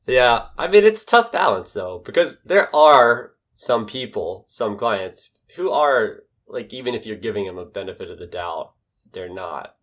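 A man's voice: medium pitch, sing-song, measured pace, a bit bright. A young adult man co-hosting a podcast, rambling casually with many fillers and teasing his co-host. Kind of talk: casual chat.

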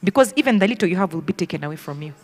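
A woman's voice: lowish voice, expressive, very fast, in a large hall. A woman teaching in a preaching style, emphatic and direct, often acting out the voices of children. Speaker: ministry school teacher. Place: teaching hall.

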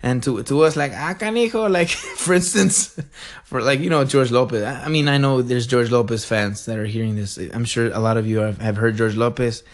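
A man's voice: medium pitch, fairly even intonation, a little fast, hardly any pauses. A young man from the El border area, talking in a rambling, self-correcting way and laughing often. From El Paso-Juarez border region. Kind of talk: casual rambling monologue.

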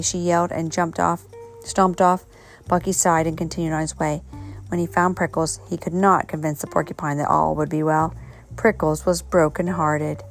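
A woman's voice: deep voice, flat delivery, normal speed, creaky, soft background music. A woman reading a children's storybook aloud at home, an unpolished reading with slips and self-corrections. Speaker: reader.

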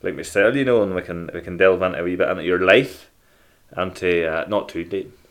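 A cheeky Northern Irish man hosts a podcast, cracking crude jokes in casual banter. His voice sits on the lower side. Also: a little fast, fairly bright tone. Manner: cheeky, jokey, crude humour. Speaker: podcast host.

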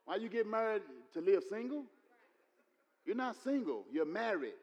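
A man preaching a sermon, repeating his points and building to loud exclamations. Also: sits high, big pitch swings, moderate pace, muffled recording. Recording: long hall reverb.

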